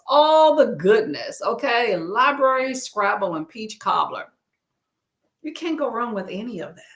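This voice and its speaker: A woman chats casually with her viewers during a live reading stream. Her voice swoops up and down with animation as she talks right to them. The sound is roomy and echoey. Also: medium pitch. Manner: chatty, animated, answers the chat directly. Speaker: booktube live stream host.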